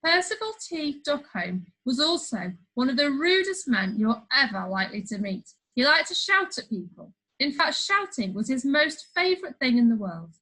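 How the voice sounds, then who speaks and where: A woman's voice: high voice, sing-song, normal speed, few pauses, bright, forceful tone, rough recording. A woman reading a funny children's story aloud, playful, with chatty asides to the listener. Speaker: storybook reader.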